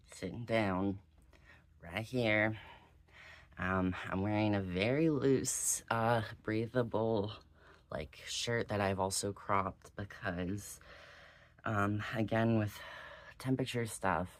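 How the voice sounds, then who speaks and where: Casual and a bit unsure, a vlogger with a medium-pitched, slightly bright voice speaks out of breath in a personal video. Their talk is full of "um" and "like."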